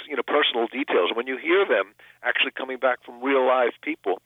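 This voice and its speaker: Over a tinny phone line, an older actor and comedian chats in an interview, self-deprecating and constantly restarting his sentences. His voice is medium in pitch, quick, and marked by vocal fry, with no room sound.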